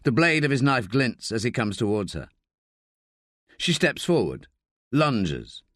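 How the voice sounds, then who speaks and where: A man's voice: medium pitch, big pitch swings, measured pace, no room sound, clean studio sound. A man narrating a tense thriller audiobook in a dramatic reading style. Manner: dramatic, voices shouted dialogue.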